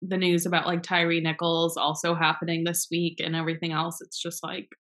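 A woman's voice: fairly low pitch, monotone, fairly quick, a bit bright. A young woman co-hosting a casual chat, talking frankly and rambling, with plenty of swearing.

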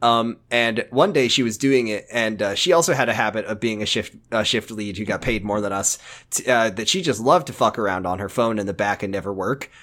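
A young man co-hosting a podcast, swearing freely and telling work stories in lively casual chat. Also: on the low side, fairly quick. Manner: animated, swearing storyteller. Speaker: podcast co-host.

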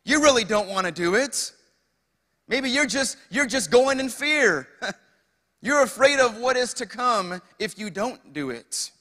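A man's voice: extremely high pitch, expressive, measured pace, pushed and bright, big-room sound. A young man preaching a sermon as pastor, calling out to the congregation with asides and rhetorical questions. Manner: preaching with call-outs to the congregation.

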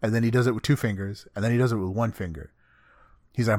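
A man's voice: lowish voice, steady tone, fast, a little mellow, no room sound, studio quality. A man casually recapping an anime episode with a friend, swearing often and acting out the characters' lines.

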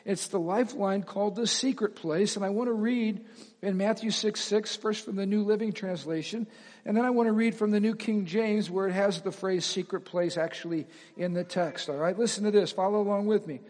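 A man preaching as pastor to his congregation, animated, asking them questions and laughing at himself. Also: high voice, normal speed. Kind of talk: sermon. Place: church sanctuary with reverb. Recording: long hall reverb.

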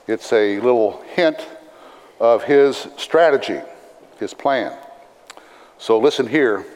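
A pastor giving a sermon, reading scripture in a measured, deliberate way with dry asides. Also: male voice, medium pitch, darkish tone. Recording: long reverb of a large hall.

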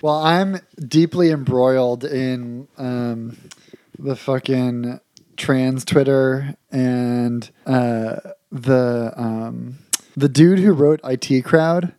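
A man in a casual podcast chat, speaking haltingly with many fillers. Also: mid-range voice, warm tone, no room sound.

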